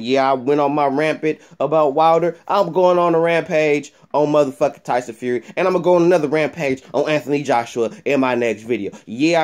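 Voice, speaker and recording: Dude going off on a boxing rant, cussing a lot, black slang, loud and heated, mid pitch. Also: male voice. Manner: profane, heated, repetitive rant. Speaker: boxing vlogger. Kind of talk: ranting commentary to camera.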